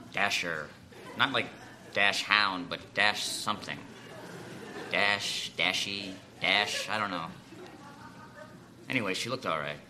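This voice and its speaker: An actor playing a rude, scatterbrained boss in a comedy sketch, talking bluntly and dragging out his words. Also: low-pitched. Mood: rambling. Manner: blunt, rambling, drags out words. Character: rude scatterbrained middle-aged male boss.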